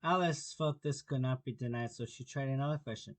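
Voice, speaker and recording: A man narrating an amateur audiobook of a children's classic in a plain, steady reading voice. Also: mid-range voice, a little fast, rough recording.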